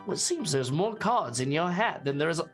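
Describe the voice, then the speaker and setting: A man voicing a fussy, foppish British gentleman gambler with a high, prim voice. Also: lively intonation, a little fast, soft background music, natural voice. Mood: flustered.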